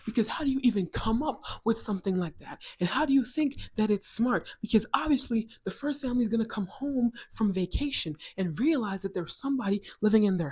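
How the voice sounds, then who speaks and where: A woman from Ghana telling a personal story in a casual vlog, animated and emphatic, often going off on tangents. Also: mid-range voice, slightly rough. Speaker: vlogger.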